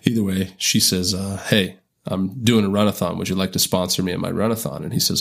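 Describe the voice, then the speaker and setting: Deep-voiced and brisk, with a steady tone, some creak, and a fairly bright quality, this middle-aged podcast guest tells long casual stories. He rambles, uses plenty of fillers, and restarts his sentences often.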